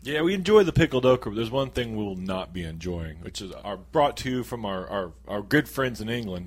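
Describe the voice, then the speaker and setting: A man's voice: on the low side, very animated, a little fast, few pauses. A man co-hosting a radio show, chatting in easygoing banter and laughing often. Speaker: radio co-host. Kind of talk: casual on-air banter.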